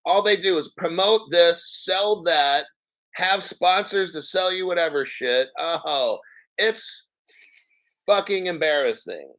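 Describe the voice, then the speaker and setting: A man in his fifties runs his own crypto channel and rants casually at his viewers, mocking, profane and rambling. His voice sits high and sounds pushed and bright, and he talks slowly with frequent pauses.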